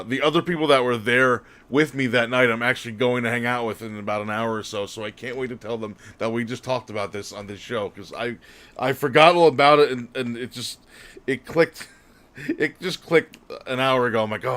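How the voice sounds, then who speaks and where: A man's voice: medium pitch, fairly bright tone. A man co-hosting a podcast, telling a casual story in a rambling way. He often corrects himself and laughs as he goes. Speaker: podcast co-host.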